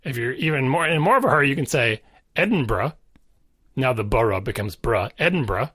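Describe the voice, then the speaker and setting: Animated bright-voiced man explaining. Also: mid-range voice, quick pace, dry recording. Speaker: podcast co-host. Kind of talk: casual chat.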